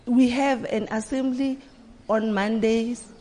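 A woman's voice: a little high, fairly even intonation, takes it slowly, mellow. Earnest woman teacher in a reverberant room. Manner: earnest, repeats words to stress points. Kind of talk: panel discussion answer. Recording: reverberant room with faint noise.

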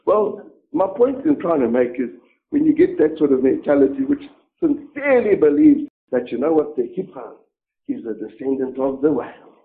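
A man's voice: medium pitch, sing-song, moderate pace. A middle-aged man preaching a sermon in a sarcastic, mocking, theatrical way. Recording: narrow tinny phone-like sound.

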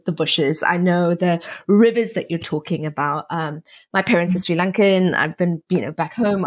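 A woman who works as an audiobook narrator and actress, talking in an animated, chatty way with many restarts. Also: on the low side. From South Africa. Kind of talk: conversational interview.

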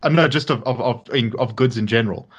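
A man co-hosting a podcast, chatting casually with halting restarts and dry sarcasm. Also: mid-range voice, slightly rough. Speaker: podcast co-host. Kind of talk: casual political chat.

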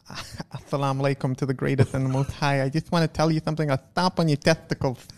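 A man's voice: mid-range voice, little pitch movement, fast, darkish tone, natural voice. A man doing a rambling boxer impression. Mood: manic. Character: famous heavyweight boxer impression, rambling, intense.

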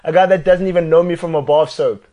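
A South African man co-hosting a casual chat, animated and self-mocking as a football fan. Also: a little high, quick pace. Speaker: co-host.

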